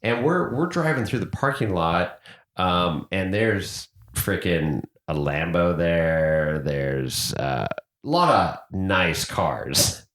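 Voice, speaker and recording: Lively low-voiced man telling a story. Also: takes it slowly, echoey room. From United States. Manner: animated, acts out quoted voices. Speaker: podcast host. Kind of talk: casual storytelling chat.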